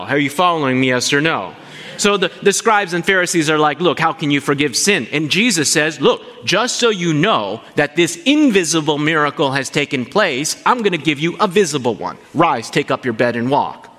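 Animated male preacher in a reverberant hall. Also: on the high side. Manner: animated, asks the congregation questions. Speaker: pastor. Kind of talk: sermon.

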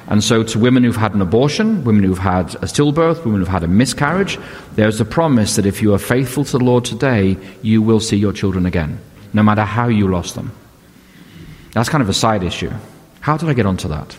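A man's voice: lowish voice, animated, a little fast. An older man preaching a sermon as a pastor, telling stories and asking rhetorical questions in a conversational way. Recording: long hall reverb.

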